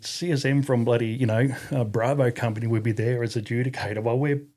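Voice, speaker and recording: With a mid-range, darkish voice, fairly even intonation and a quick pace, this Australian-accented podcast guest, an army veteran, spins casual stories. Swearing comes freely, and he imitates others in a raised voice.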